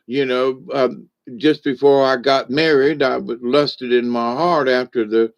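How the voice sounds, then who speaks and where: A man's voice: medium pitch, fairly even intonation, measured pace, natural voice. A man doing a stammering, nervous old man. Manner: stammering, flustered.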